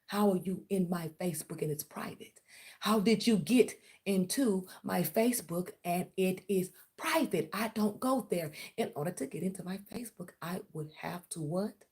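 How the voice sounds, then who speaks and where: A woman's voice: fairly low pitch, animated, normal speed, a little mellow. A woman, ranting on her vlog and sarcastically accusing someone of spying on her. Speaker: vlogger. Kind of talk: confrontational callout rant.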